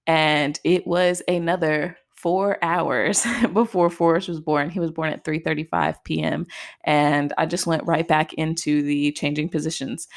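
Speaking at a normal pace in a low, steady voice, this young woman hosts a podcast and recounts something personal. Her tone is chatty and relaxed, heavy on "like" and "just."

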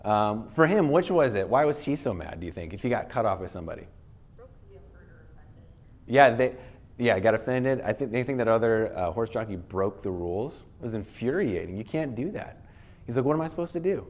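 A man's voice: lowish voice, expressive, normal speed. A man giving a casual, conversational lecture to a live audience, with frequent restarts and playful bits where he acts out angry voices. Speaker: speaker teaching on anger.

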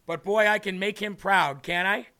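A man's voice: sits high, steady tone, normal speed, pushed and bright. A man hosting a faith talk show, preaching earnestly and emphatically and repeating phrases for effect.

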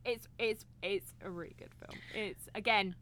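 A woman's voice: mid-range voice, steady tone, normal speed, fairly bright tone, slight background noise. A British woman co-hosting a podcast, chatting casually, giggly and swearing freely. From England. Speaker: podcast co-host. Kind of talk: casual chat.

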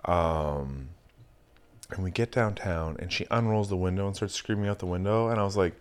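Profane, animated man telling a story. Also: low voice, normal speed, clean tone. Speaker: podcast host. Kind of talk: casual storytelling chat.

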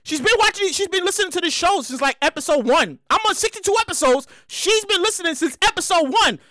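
Very high-voiced, hyped woman podcaster. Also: expressive, fast talker, dry recording, studio quality. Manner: hyped, loud, profane and rambling, with frequent repeats. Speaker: podcast host. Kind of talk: casual solo podcast monologue, livestreamed.

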